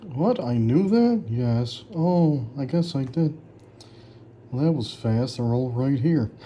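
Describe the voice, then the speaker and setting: A man's voice: mid-range voice, expressive, takes it slowly, mellow, muffled recording, slight background noise. A man in casual commentary, reacting sarcastically to his own old writing, mocking it and laughing often. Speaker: author reviewing his old story.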